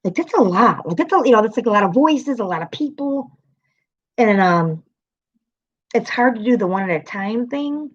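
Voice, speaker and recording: Animated and at normal speed, this livestream host from an American city chats casually on her own stream, wandering off topic, laughing a lot and cursing without restraint. Her voice is fairly high, and the audio sounds dull.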